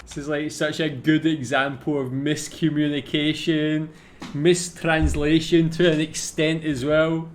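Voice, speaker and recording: A man's voice: fairly high pitch, level tone, a little slow, some chatter behind, a little hiss or hum. A Scottish man hosting a reaction video, chatting casually and laid-back, often saying "man". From Scotland.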